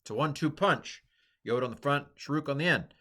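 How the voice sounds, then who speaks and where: With a fairly high, bright, forceful voice and a slightly fast pace, a middle-aged male teacher lectures on Hebrew grammar. He keeps it casual and chatty, scattering fillers and asides throughout.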